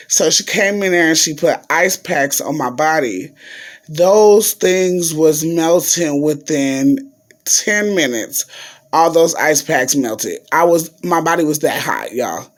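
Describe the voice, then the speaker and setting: A man's voice: on the high side, animated, measured pace. A man vlogging in a chatty, casual way, telling a story to his viewers and calling them y'all.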